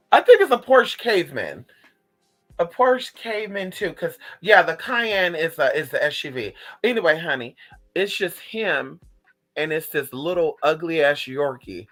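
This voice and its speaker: Man, casual storytime vlog, animated and profane, talks right at the viewers, bright forceful voice. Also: a little high, low-quality recording.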